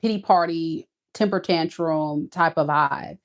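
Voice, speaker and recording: A woman's voice: sits low, measured pace. A woman giving a casual tarot reading, talking in a blunt, sassy, emphatic way. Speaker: tarot reader.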